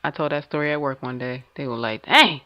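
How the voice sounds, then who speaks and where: A woman's voice: very deep voice, steady tone, fast, no room sound, muffled recording. A woman co-hosting a podcast in casual chat, laughing often while she recounts childhood memories. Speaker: podcast co-host.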